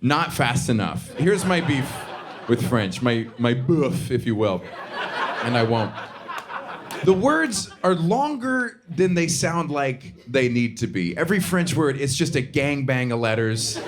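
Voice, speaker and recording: Man doing animated stand-up. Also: medium pitch. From Southern United States. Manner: quick, animated delivery with put-on voices for bits. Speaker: stand-up comedian. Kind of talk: stand-up comedy set. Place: theater stage before a laughing audience. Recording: live show with clear audience noise.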